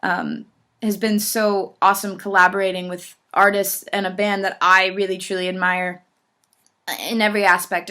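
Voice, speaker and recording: A woman's voice: medium pitch, fairly bright tone. A woman singer answering fan questions in a casual chat, effusive and enthusiastic.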